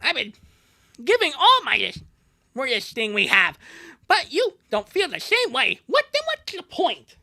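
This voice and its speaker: A woman's voice: sits high, wildly swooping pitch, unhurried, vocal fry, bright, forceful tone, voice pushed up, exaggerated voice. A woman reading a hurt, earnest teenage girlfriend in a live fan dub. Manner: emotional, pleading.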